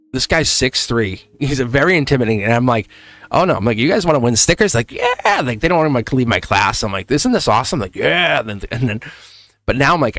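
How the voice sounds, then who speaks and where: A man's voice: medium pitch, fairly bright tone, dry recording. A middle-aged man hosting a live tarot stream in casual chat, rambling, laughing often and saying "like" constantly. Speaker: tarot reader and livestream host.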